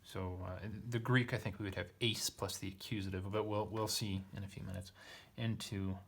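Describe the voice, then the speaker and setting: A man's voice: sits low, level tone, normal speed, fairly bright tone, a little hiss or hum. A man working through a Latin scripture text aloud, thinking as he goes, hesitant and self-correcting, poking fun at himself. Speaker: teacher reading Latin scripture.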